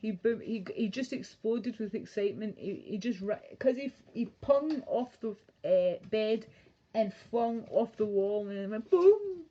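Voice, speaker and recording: A woman's voice: on the high side, lively intonation, unhurried, dark tone. A young woman chatting casually and crudely on a home live stream, rambling and laughing. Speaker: livestreamer. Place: home bedroom. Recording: dull lo-fi stream audio.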